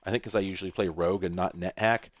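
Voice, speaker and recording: A man's voice: deep voice, steady tone, fast, dry recording. A man hosting a retro computing video, rambling in casual, profane commentary while he plays an old computer game, breaking into sudden exclamations.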